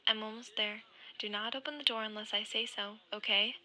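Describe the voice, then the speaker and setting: A woman voicing a stern, protective teenage boy, speaking low and firm in a soft-spoken ASMR fanfic reading. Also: steady tone, a little fast. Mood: calm, firm.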